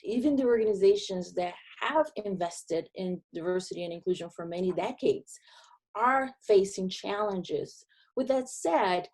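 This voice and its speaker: Brazilian woman giving a talk, warm mellow tone, earnest and emphatic, pauses a lot between phrases. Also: medium pitch. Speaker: diversity and inclusion consultant. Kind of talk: presentation talk.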